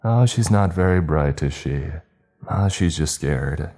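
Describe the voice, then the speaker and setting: A dismissive, deadpan teenage boy with a British accent, as a man reads him aloud. The voice sits very low and mellow. He talks down to everyone in a sarcastic storybook tone, with faint music behind. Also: measured pace. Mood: scornful.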